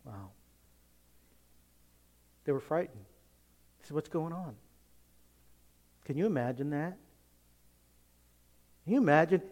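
A man preaching a sermon as pastor, emphatic, moving between hushed asides and loud, excited passages. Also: fairly high pitch, a little slow, long pauses. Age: adult, teenage years long past.

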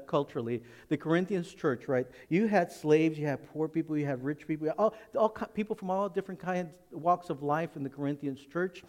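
A man preaching a sermon as pastor in a church, animated and laughing as he acts out the people he talks about. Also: fairly high pitch, long reverb tail. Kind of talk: expository sermon.

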